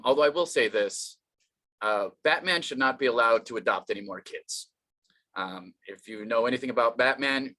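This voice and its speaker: A man's voice: medium pitch, pushed and bright. A man doing an online stand-up comedy set, rambling and self-deprecating, with many fillers and restarts.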